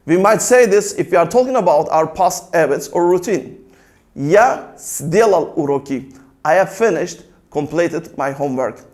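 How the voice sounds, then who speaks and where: A man giving a scripted language lesson, calmly reciting word pairs one by one with their meanings and then explaining grammar in a steady, deliberate manner. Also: high voice. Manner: calm explanatory delivery. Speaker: language teacher.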